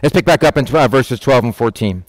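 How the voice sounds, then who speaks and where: A middle-aged pastor talks fast in an ordinary mid-range male pitch, giving a folksy, conversational sermon with Bible reading and addressing listeners plainly and directly. He acts out the disciples' voices by raising his pitch, and the sound is close and dry with no room echo.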